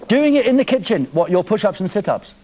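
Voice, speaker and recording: A man's voice: sits high, big pitch swings, fast, a little mellow. A man hosting a live TV show from a studio, teasing a caller in a cheeky way. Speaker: TV presenter. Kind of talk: live TV banter.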